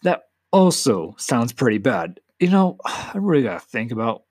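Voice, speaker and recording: A man's voice: medium pitch, sing-song, normal speed, a little mellow, no room sound. An eighteen-year-old man hosting a casual solo podcast, talking candidly and emotionally in a rambling way with frequent swearing. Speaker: podcast host.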